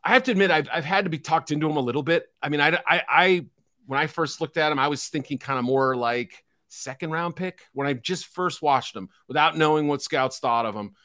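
A middle-aged man co-hosts a casual football draft talk, his voice a little high, brisk, pushed and bright. He's chatty and hedging, with a self-deprecating streak, and the recording is dry with clean studio sound.

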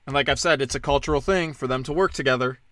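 A man's voice: mid-range voice, fast, a bit bright, no room sound. Sarcastic, profane man ranting. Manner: sarcastic, profane, mocking impressions. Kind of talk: ranting casual monologue.

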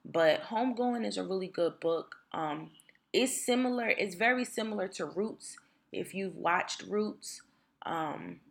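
A woman in her thirties hosting a solo podcast in casual chat, her voice rough from just waking up, talking in a rambling way with lots of fillers. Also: mid-range voice, unhurried. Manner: chatty, rambling with many fillers. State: raspy morning voice, just woken up. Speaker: podcast host.

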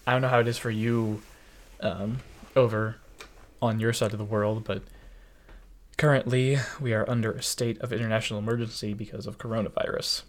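A man co-hosting a podcast in a casual chat, measured and wry, sometimes acting out quoted voices. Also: lowish voice, steady tone. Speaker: podcast co-host.

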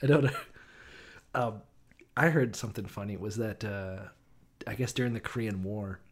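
A man's voice: fairly low pitch, moderate pace, slightly rough. A man co-hosting a casual comedic chat, swearing often and jumping into goofy voices.

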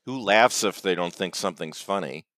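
A man with a low voice co-hosts a comedy podcast, halting and hesitant as he speaks. He stumbles through his points with plenty of fillers. The sound is close and dry. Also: expressive, a bit bright, no echo. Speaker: podcast co-host. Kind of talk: casual comedic chat.

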